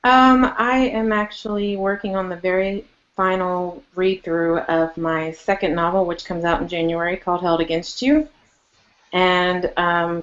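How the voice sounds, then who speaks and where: A woman guest author on an online chat show, speaking in a matter-of-fact way. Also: on the low side. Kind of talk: casual chat on a live web show. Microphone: video call. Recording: dull lo-fi web call audio.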